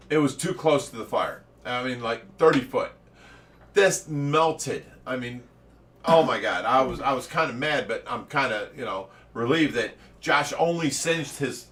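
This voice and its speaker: A man hosting a casual livestream, an animated storyteller who laughs often, with a light Ohio accent. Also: on the high side, distant mic. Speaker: fish rescue owner, livestream host.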